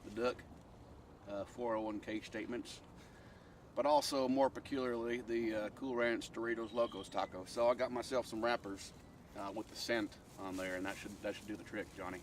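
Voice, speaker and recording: A man's voice: lowish voice, fairly even intonation, normal speed, far from the mic, slight background noise, close to an everyday voice. A man playing a bumbling wildlife expert in a comedy sketch, rambling and stammering in a folksy way, recorded outdoors. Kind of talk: improvised comedy sketch acting.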